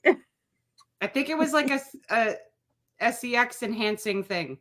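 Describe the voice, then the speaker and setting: Bright-voiced woman co-hosting, laughing. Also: fairly high pitch, animated, measured pace. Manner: laughing, teasing banter. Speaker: co-host. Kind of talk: casual chat, live show recap.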